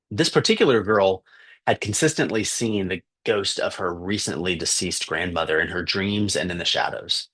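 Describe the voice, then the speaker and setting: Man, low voice, husky, earnest storytelling, some fillers. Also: moderate pace, fairly bright tone. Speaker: missionary teacher. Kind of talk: spoken fundraising story.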